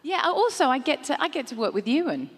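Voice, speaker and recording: A woman actor on a fan-convention panel, speaking earnestly with halting restarts and laughing as she tells stories. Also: sits high, sing-song. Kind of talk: reflective panel talk. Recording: reverberant convention hall.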